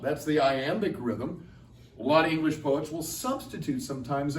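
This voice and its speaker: A man's voice: a little high, expressive, moderate pace, slight background noise. A middle-aged man, a Latin teacher and translator, gives a chatty lecture to students and quizzes the audience. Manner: chatty and playful, asks the audience questions. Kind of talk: lively classroom-style lecture to students. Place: large lecture room at a convention. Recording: echoey room, voice from far off.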